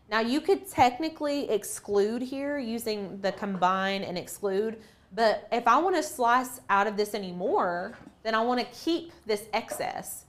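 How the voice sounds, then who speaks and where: A woman hosts a relaxed craft tutorial, talking her way through each step. She is chatty and playful and thinks out loud. Her voice sits at an ordinary middle pitch. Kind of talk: casual screen-share tutorial.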